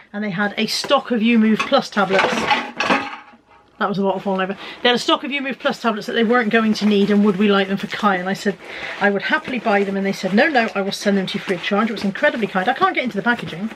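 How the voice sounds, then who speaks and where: A woman's voice: medium pitch, brisk, fairly bright tone, slight background noise. A middle-aged woman chatting casually and joking at her own expense while unboxing parcels. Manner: chatty, self-mocking, fiddling with packages as she talks. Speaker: vlogger.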